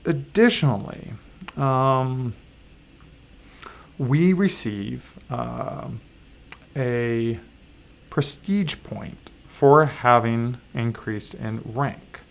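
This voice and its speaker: A man with a gravelly, creaky voice talks through the rules of a board game he is playing on a livestream. He pauses often with fillers and pokes fun at himself as he checks the rulebook. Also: medium pitch. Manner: halting, many fillers, self-deprecating asides. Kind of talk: casual rules walkthrough.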